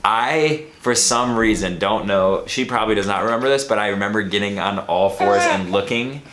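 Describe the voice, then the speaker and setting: Husband in casual storytelling, slightly low voice, animated, roomy echo. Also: male voice, normal speed. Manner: animated, acts out his own panicked shouting. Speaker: husband telling a birth story.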